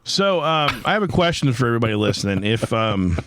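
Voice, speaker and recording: A man's voice: mid-range voice, very animated, fast talker, fairly bright tone, a little hiss or hum. A man hosting a casual podcast, rambling through a story and swearing often. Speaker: podcast host. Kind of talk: casual chat.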